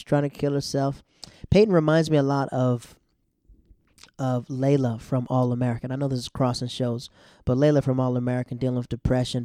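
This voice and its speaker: A man with a mellow, warm voice talks through a TV episode recap in loose, slangy chat. He jumps into the characters' lines in quick bursts. The sound is dry and close, with no room around him. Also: medium pitch, clear, resonant tone, no room sound.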